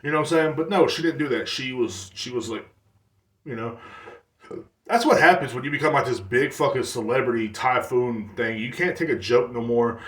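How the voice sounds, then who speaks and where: A man's voice: mid-range voice, normal speed. A man hosting his own podcast, ranting casually with lots of swearing and "like" fillers. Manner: profane, rambling, heavy on "like" fillers. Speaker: podcast host. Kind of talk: casual solo podcast rant. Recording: echoey room.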